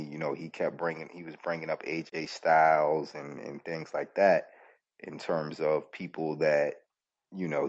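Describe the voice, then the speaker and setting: A male podcast host with a bass voice, a little mellow and slightly rough, gives a loose, rambling recap of a wrestling show, often correcting himself mid-sentence. The call-in audio sounds dull and lo-fi.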